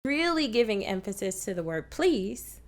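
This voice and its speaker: A woman's voice: mid-range voice, sing-song, moderate pace. A woman teaching children about opera on a kids' TV show, patient and encouraging toward viewers at home. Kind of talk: kids' TV music lesson.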